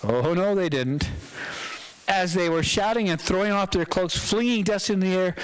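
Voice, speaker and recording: Lively guy preaching a sermon in church, chatty, dramatic pauses, pitch jumps all over. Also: low-quality recording. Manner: animated, conversational, dramatic pauses. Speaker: pastor.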